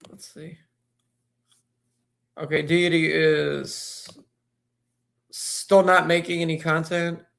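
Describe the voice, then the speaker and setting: A man hosting a casual livestream, talking hesitantly with lots of fillers and pauses. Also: fairly high pitch, level tone, creaky, a bit bright. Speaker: livestream host.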